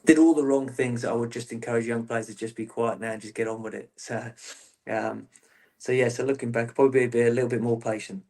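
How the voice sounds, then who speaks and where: A man being interviewed about his playing days. He talks in a rambling way, restarting phrases as he goes, in an easy, conversational voice at an ordinary pitch. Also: steady tone, brisk, a little mellow. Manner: rambling, self-interrupting storyteller. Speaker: guest, former footballer. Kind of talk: casual interview chat.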